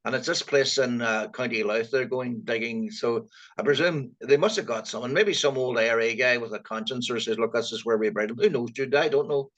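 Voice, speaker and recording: A man with a Donegal accent, co-hosting a casual political chat, animated and colloquial. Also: medium pitch, brisk. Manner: animated, colloquial, lots of fillers. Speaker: co-host. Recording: dull lo-fi sound.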